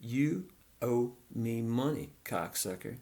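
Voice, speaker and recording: A man voicing a tough sixteen-year-old boy with a Southern US accent who speaks in a very soft, slow drawl. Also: mid-range voice, lively intonation, creaky. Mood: soft menace.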